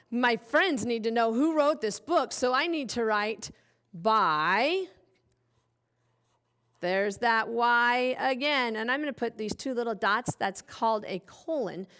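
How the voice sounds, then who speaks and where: Woman teacher for a kids' phonics video, slightly high, very slow and clear, cheerful and encouraging. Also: a bit bright. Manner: cheerful, spells letters out slowly. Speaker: kindergarten teacher. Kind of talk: children's phonics lesson.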